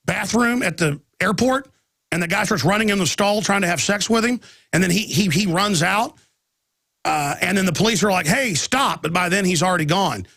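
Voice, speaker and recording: Gravelly talk radio host with a cold. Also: male voice, sits high, a bit bright, no echo, clean studio sound. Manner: rambling, agitated, many restarts. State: chest cold with coughing.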